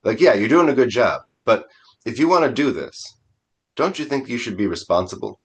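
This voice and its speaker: A man's voice: mid-range voice, expressive, fairly quick, husky, voice pushed up. A man voicing a male god who gives blunt, casual advice. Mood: advising. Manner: casual, blunt, modern phrasing.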